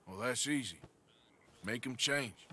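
An actor playing a gruff outlaw gunslinger in a game, talking with a dry, laconic drawl. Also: male voice, medium pitch, a little slow, bright, forceful tone. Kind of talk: video game voice acting.

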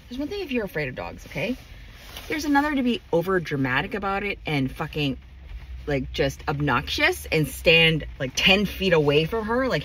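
A woman with a fairly low, slightly bright voice rants furiously to camera as a vlogger, swearing a lot and hammering her points home. There's a little hiss or hum in the recording.

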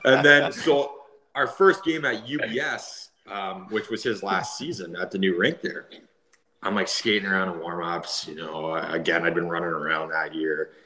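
A Canadian man in his thirties, a former player, telling animated stories full of fillers and laughter. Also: sits low, moderate pace, echoey room, low-quality recording. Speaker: guest, former hockey player. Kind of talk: casual storytelling.

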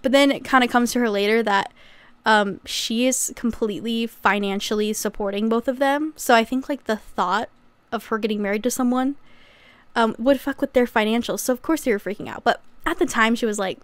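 A woman's voice: a little high, a little fast, no room sound. A young woman recapping a memoir in a casual, chatty way, with sarcastic asides and acted-out quotes. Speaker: YouTuber.

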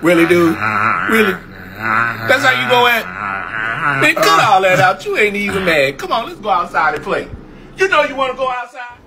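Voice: mid-range voice, huge pitch swings, moderate pace, vocal fry, pauses often, a crowd in the background. A performer voicing a cheeky, back-talking male pet dog in a funny video.

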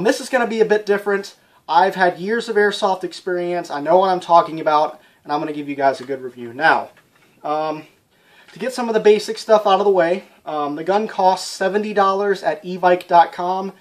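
A man casually reviewing an airsoft rifle for his channel, talking plainly with lots of ums and sounding a little out of breath. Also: sits high. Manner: chatty, frequent ums, plainspoken. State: slightly out of breath.

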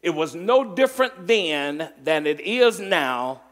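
A male pastor delivers a sermon at an unhurried pace, leaning hard on key words and drawing them out. His voice sits a little high for a man, and a long reverb from the church sanctuary trails behind it. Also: animated, a bit bright. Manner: emphatic preaching, drawn-out stressed words, call and response. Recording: long reverb from a large hall.

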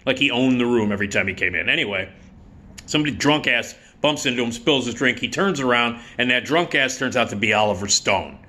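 Man in his fifties, rambling vlog storyteller, forceful bright voice, swears freely. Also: mid-range voice, animated, a little fast. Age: 50s. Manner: rambling, profane, lots of filler words. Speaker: YouTube host.

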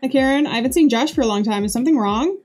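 A woman's voice: high voice, expressive, very fast, darkish tone, faint music behind. Woman reading a friendly bar regular. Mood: curious.

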